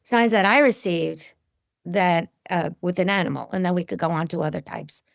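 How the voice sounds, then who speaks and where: Middle-aged woman, medium being interviewed; gravelly, dry close sound; animated storyteller. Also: moderate pace, dry recording. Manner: animated storyteller, acts out quotes with big pitch jumps.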